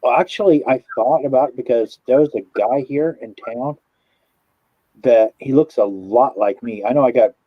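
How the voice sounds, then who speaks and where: A man from Southern California, a streamer, telling stories in a halting, rambling way. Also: mid-range voice, no room sound, highs cut off. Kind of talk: casual chat.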